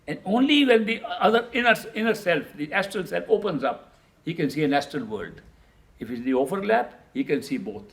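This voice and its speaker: Spiritual teacher, male, high-pitched, emphatic discourse that circles back on repeated words. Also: gravelly. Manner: emphatic, repeats key words, poses rhetorical questions.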